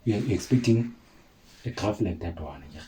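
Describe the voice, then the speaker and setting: A maths tutor teaches a lesson informally, chatting to viewers, calling them guys and repeating key points. His voice is lowish, expressive and warm at normal speed. The audio is poor, with a little hiss or hum.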